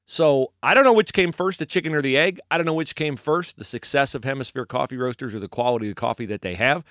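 A man's voice: mid-range voice, fast, dry recording, studio quality. A middle-aged man hosting a podcast, chatting casually about sports and reading an ad, telling stories with frequent chuckles. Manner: animated, storytelling, chuckles often. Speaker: podcast host. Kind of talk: casual sports chat with ad read.

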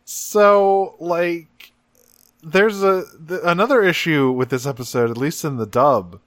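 A man's voice: on the high side, a little slow, fairly bright tone, dry recording. A man co-hosting a podcast, recapping an episode in a loose, profane, chatty way full of fillers. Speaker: podcast co-host.

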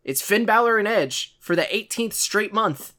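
A man's voice: sits high, animated, moderate pace, bright, forceful tone. A man co-hosting a podcast, chatting casually and rambling with lots of asides. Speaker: podcast co-host. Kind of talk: casual chat.

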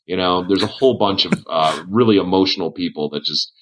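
A man's voice: sits low, fairly quick, a bit bright. A man narrating a tabletop game as game master, describing scenes with frequent fillers. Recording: dull lo-fi audio.

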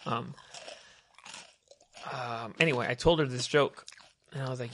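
A man's voice: mid-range voice, measured pace, a bit bright. A young man telling a long story in casual chat, rambling and profane, with lots of "dude" and "hella". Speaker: podcast co-host telling a story.

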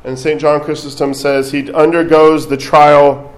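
A man's voice: on the high side, little pitch movement, unhurried, roomy sound, poor audio. A man preaching a sermon as a priest, speaking conversationally and adding light asides.

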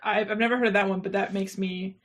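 A woman co-hosting a casual comedy podcast, chatting loosely, laughing often and saying "like" a lot. Her voice sits at an ordinary middle pitch. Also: fairly even intonation, quick pace. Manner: laughing, uses lots of "like". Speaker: podcast co-host.

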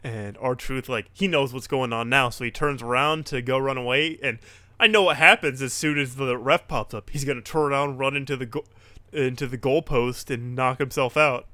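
Bright, dry-voiced man recapping animatedly. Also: medium pitch, normal speed, no echo. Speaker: podcast co-host. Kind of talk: casual chat recapping wrestling.

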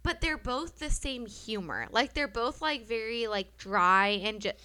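A woman's voice: a little high, big pitch swings, a little slow, crowd noise. A young woman co-hosting a podcast, chatting loosely with lots of swearing and giggles. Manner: loose, profane, giggly storytelling. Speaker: podcast co-host. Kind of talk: casual chat.

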